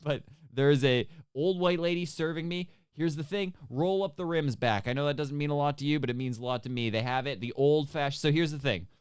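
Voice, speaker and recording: A man's voice: fairly high pitch, fairly quick, few pauses, clear, resonant tone, no echo, studio quality. A young man, telling a rambling, profane story on a podcast and laughing often. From Canada. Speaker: podcast co-host. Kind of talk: casual chat.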